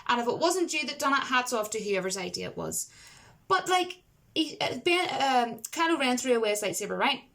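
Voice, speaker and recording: A woman's voice: a little high, expressive, fairly quick, creaky, a bit bright. A woman giving a casual, rambling film review to camera. She talks emphatically and uses a lot of fillers.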